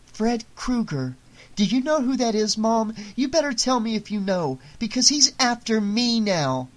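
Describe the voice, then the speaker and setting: A woman's voice: on the high side, lively intonation, unhurried, pitched above the performer's own voice. A narrator voicing a defiant, frightened teenage girl in an audiobook, speaking urgently and accusingly. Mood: furious. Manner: urgent, accusing, shouting at times. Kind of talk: audiobook character reading.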